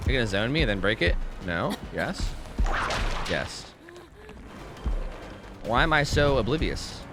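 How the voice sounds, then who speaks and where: Excitable young man streaming with game music. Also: mid-range voice, unhurried. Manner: excitable, swearing, swings from yelling to mumbling. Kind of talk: live gameplay commentary.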